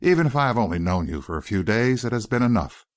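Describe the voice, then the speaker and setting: A man reading an audiobook voices an earnest, courteous young gentleman who pleads politely and persistently. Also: lowish voice, sing-song, quick pace.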